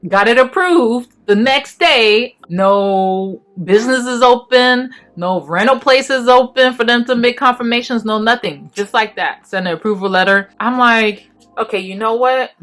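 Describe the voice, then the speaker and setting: A woman, sharing an emotional faith testimony at home while packing, fast in bursts and then soft. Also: on the high side. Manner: earnest, emotional, talks fast in bursts and then goes quiet. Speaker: faith vlogger. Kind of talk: personal testimony vlog.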